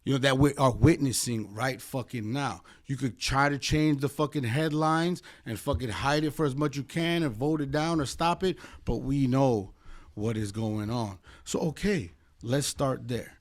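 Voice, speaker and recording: An American attorney, appearing as a podcast guest, talks in an impassioned, rambling and heavily profane way, using lots of fillers during casual chat. His voice is medium in pitch at a normal speed.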